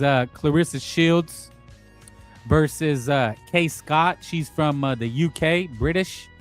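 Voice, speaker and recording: A man hosts a casual boxing talk livestream in a slightly higher-than-usual voice. He rambles bluntly, trips over restarts and drops crude asides. Faint music plays underneath. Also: fairly bright tone. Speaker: boxing talk show host.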